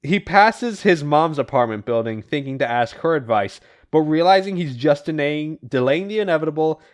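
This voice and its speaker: A man's voice: a little high, expressive, normal speed. A man hosting a casual podcast and recapping comic plots, swearing and laughing as he goes. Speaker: podcast host.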